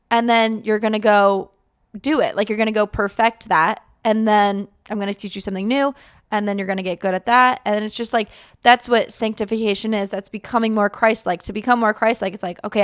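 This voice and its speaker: A woman's voice: mid-range voice, clear, resonant tone. A young woman hosting a faith podcast, talking casually and rambling with lots of fillers, animating her retold thoughts. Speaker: podcast host.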